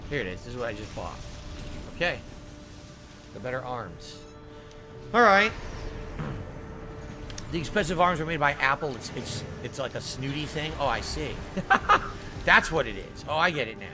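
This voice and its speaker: Over game music, a man with an expressive mid-range voice live-streams his gameplay a little fast. He thinks aloud about which gear to pick and thanks viewers for their tips.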